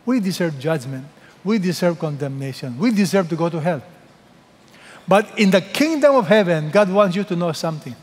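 A man delivers a sermon with emphatic phrasing, pausing before key words and letting them fall to a near hush. His voice sits fairly high for a man. A long hall reverb trails each line. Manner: emphatic preaching with dramatic pauses and soft drops. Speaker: pastor.

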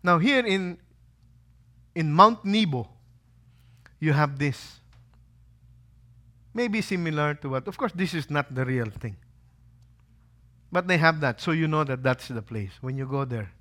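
A man preaching a sermon with a bright, forceful voice pitched a little above most men's. He keeps asking his listeners questions and answers them himself. He acts out quotes as he goes. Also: a little slow, pauses often. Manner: lively preaching, rhetorical questions, acted quotes. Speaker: pastor. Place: holy site visit.

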